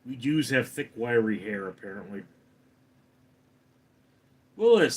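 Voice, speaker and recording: A man hosting a casual livestream, reading chat comments aloud and answering with deadpan, sarcastic replies. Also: medium pitch, slow, long pauses, husky.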